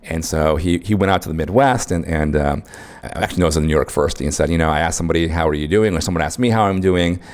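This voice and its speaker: A man's voice: low voice, fast talker. A man teaching an online course in a conversational way, often checking in with his listeners. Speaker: course instructor.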